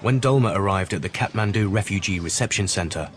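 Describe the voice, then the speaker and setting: A man giving scripted documentary narration in a measured, even storytelling manner. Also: low voice, noisy background. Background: music.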